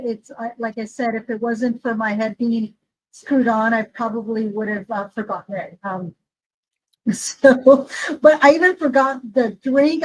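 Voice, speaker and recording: A woman's voice: a little high, slight background noise, poor audio. A woman co-hosting a podcast in casual chat, rambling with many fillers. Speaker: podcast co-host.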